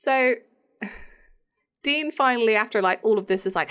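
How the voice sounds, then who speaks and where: A young woman with a fairly high voice co-hosts a podcast in easy, casual chat. She laughs often and slips into quick put-on voices when quoting characters. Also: a bit bright, clear, resonant tone. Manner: chatty, laughing, quotes characters in put-on tones. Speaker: podcast co-host.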